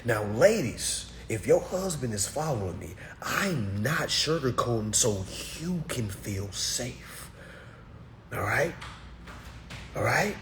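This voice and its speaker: A man's voice: mid-range voice, very animated, takes it slowly, a bit bright, a little hiss or hum. Blunt, preachy man on a livestream. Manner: preachy, blunt, keeps checking in with "all right?" and "okay?"; emphatic and repetitive, hammering single words. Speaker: livestream host answering viewer comments. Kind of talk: casual livestream monologue.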